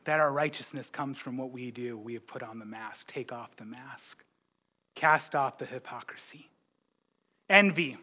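A man preaching as a pastor, animated, with joking asides and quick impressions of his congregants. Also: medium pitch. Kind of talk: sermon.

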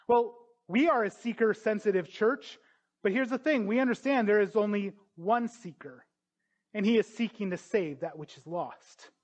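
High-voiced earnest man preaching. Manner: earnest, emphatic, slows down on key phrases. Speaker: pastor. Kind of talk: sermon. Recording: dull lo-fi sound.

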